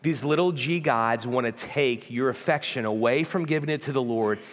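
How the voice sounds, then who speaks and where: A man's voice: medium pitch, moderate pace. Emphatic male pastor preaching in a hall. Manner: emphatic, repetitive preaching cadence. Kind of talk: sermon. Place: church auditorium. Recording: long hall reverb.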